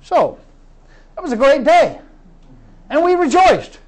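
A man's voice: extremely high pitch, very animated, takes it slowly. A middle-aged man preaching as a pastor, telling stories of faith earnestly and repeating words as he builds up. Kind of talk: storytelling sermon.

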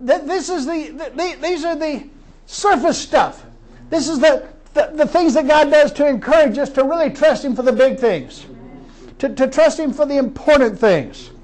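A middle-aged man preaching as a pastor, telling stories of faith earnestly and repeating words as he builds up. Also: very high voice. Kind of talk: storytelling sermon.

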